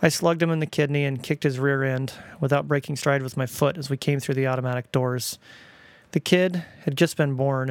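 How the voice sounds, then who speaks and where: A man hosting a podcast, telling a story in a wry, deadpan way. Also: medium pitch, no room sound. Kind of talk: storytelling narration.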